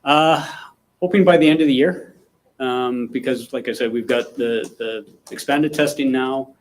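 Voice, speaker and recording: A man's voice: medium pitch, measured pace, low-quality recording. A man, a police official, answering reporters' questions at a press conference in a plain, matter-of-fact way.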